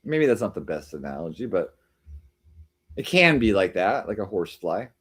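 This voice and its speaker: A low, sing-song voice, a bit bright and slightly rough, at normal speed belongs to a man hosting a live stream. He reads viewers' comments and chats casually, rambling, teasing, and skipping between jokes and replies.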